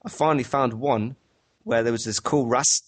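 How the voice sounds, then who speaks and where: A man in casual podcast chat, recounting stories in a relaxed way with slang and chuckles. His voice sits at an ordinary middle pitch. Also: brisk, slightly rough. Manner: laid-back storytelling with British slang and chuckles. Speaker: podcast co-host.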